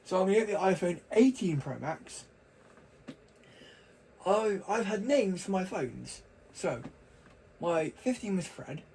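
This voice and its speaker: Slow, rambling young man. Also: on the high side, warm tone, slight background noise, low-quality recording. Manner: rambling and chatty, with restarts and laughs. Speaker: vlogger. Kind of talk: casual rambling chat to camera.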